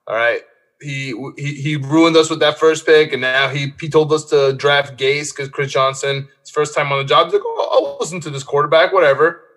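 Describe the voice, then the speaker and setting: A man's voice: medium pitch, a bit bright. A man hosting a casual sports podcast. He rants in an exasperated way and fills his talk with "like.". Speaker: podcast host.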